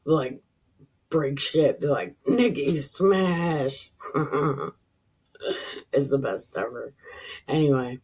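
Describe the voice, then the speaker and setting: A woman's voice: extremely low pitch, slow, long pauses, a little mellow, breathy edge. A woman reading scripture aloud and riffing on it casually, irreverent, swearing and laughing at her own jokes. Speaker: Bible reading vlogger.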